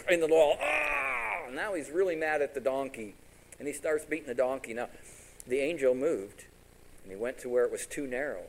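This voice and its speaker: A man of medium pitch preaches a sermon over poor audio with slight background noise. Retelling a story with animation, he voices every character's lines himself and asks the congregation questions.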